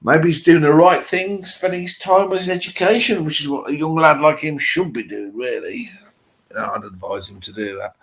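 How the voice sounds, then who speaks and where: His voice sits a little high, fairly bright and slightly rough, moving at a moderate pace. He's a middle-aged man with an English Midlands accent, riffing on viewers' comments during a live stream and thinking aloud in a rambling way.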